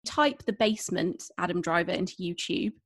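A woman co-hosting a podcast, speaking in relaxed casual chat and laughing between remarks. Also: lowish voice, moderate pace. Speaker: podcast co-host.

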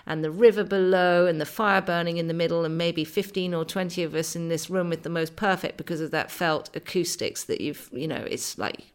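A woman's voice: fairly low pitch, steady tone, a little fast, few pauses, clean tone. A middle-aged woman, an author and interview guest, telling a travel story vividly and with enthusiasm, with many fillers and restarts. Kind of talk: conversational storytelling.

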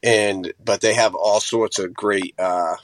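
A man's voice: fairly low pitch, fairly even intonation, takes it slowly, no echo. A man calling in to a radio show, talking casually and enthusiastically.

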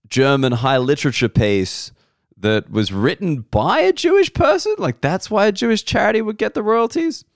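Gravelly Australian man telling comic stories. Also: a little high, no room sound, clean studio sound. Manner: wry, rambling, swears freely, frequent restarts. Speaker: comedian and podcast host. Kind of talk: comedic storytelling on a podcast.

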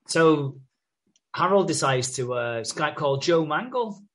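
A man's voice: on the high side, expressive, slow pace, a bit bright. Sweary man casually recapping a soap. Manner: sweary, recaps scenes by acting out characters' lines. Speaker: podcast co-host recapping a soap. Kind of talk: casual chat.

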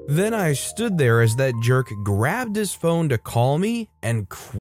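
A man reading online stories aloud in first person as scripted narration, lifting his pitch for quoted lines. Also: very animated, moderate pace, few pauses, a little mellow, faint music behind. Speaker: story narrator.

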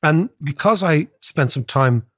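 Irish male podcast co-host, husky, fast and animated, dry close mic. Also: fairly high pitch, dry recording. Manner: animated, quick storyteller, keeps asking "right?". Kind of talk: casual chat.

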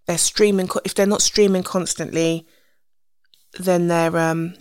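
Rambling woman, low voice, dry sound. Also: steady tone, measured pace, clean tone, no room sound. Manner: rambling, with restarts and soft asides. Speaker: podcast host. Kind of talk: casual solo podcast monologue.

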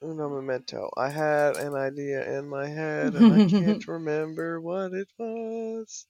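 A woman's voice: deep voice, fairly even intonation, unhurried, hardly any pauses, mellow. A woman narrating as game master in a casual tabletop game, rambling and swearing freely.

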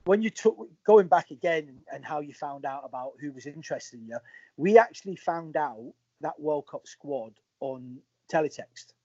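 Husky-voiced man telling lively anecdotes. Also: fairly high pitch, moderate pace, no room sound. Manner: animated storyteller acting out quoted dialogue. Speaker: former footballer, interview guest. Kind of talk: casual anecdotal storytelling. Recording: slightly muffled, dry audio.

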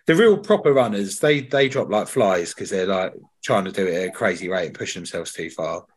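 A man's voice: low voice, expressive, brisk, husky. A man hosting a podcast, chatting casually and telling slangy, swear-laced stories. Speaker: podcast host. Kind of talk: casual chat.

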